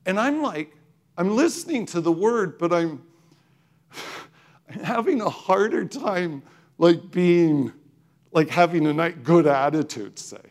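Man telling a testimony, lively high voice. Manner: emotional, halting, many restarts and fillers. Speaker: speaker sharing a testimony. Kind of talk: personal testimony.

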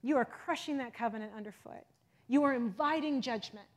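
A middle-aged woman preaching a sermon with passion, moving from loud exhortation to hushed intensity. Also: a little high, fairly quick. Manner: impassioned, swings from loud exhortation to soft intensity.

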